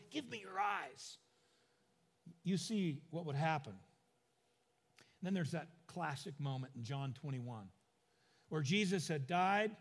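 A man's voice: fairly high pitch, in a large hall. A middle-aged man preaching a sermon, telling stories with humorous asides and acting out the quoted lines. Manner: acts out quoted lines in voices. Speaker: pastor.

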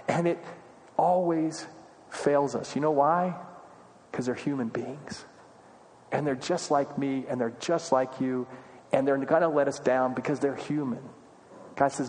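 A man's voice: fairly high pitch, normal speed, darkish tone, big-room sound. A man preaching a sermon, earnest and full of rhetorical questions, building in emphasis as he goes. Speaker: pastor.

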